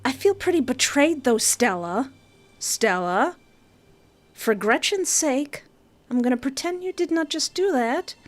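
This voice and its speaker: A woman's voice: high voice, animated, unhurried. A woman streamer chatting playfully while playing a story game, joking and laughing often. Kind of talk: live game commentary.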